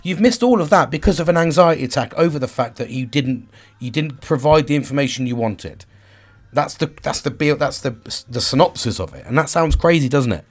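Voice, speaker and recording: A man in his forties talks straight to the listener in a raw, unscripted monologue. He swears freely, breaks off and restarts as he hunts for the right words, and his voice sits a little higher than most men's. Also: animated, a little fast. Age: 40s. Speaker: vlogger. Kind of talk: candid personal monologue.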